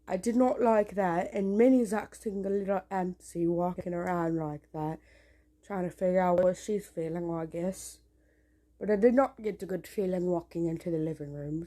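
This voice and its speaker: Young woman vlogger, mellow voice, nervous and rambling, hushed and sweary, filmed on a handheld phone indoors. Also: medium pitch. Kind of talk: casual handheld vlog. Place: small home indoors at night.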